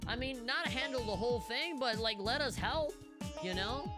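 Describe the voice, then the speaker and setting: A woman's voice: fairly high pitch, animated, normal speed. A woman streamer doing casual, profane, joking commentary while playing a game. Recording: loud game music behind.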